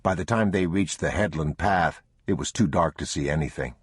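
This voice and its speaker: Scripted audiobook narration comes from a man whose voice is deep and husky, moving at a moderate pace. The studio sound is clean and free of echo.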